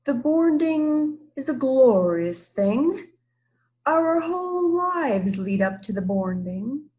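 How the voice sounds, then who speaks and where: A woman reading aloud and voicing an enormous, gentle old monster that speaks slowly and solemnly, sometimes dropping to a hush. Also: high-pitched, big pitch swings, lo-fi sound, pitched above the performer's own voice, full character voice. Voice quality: slow deliberate speech, hushed at times.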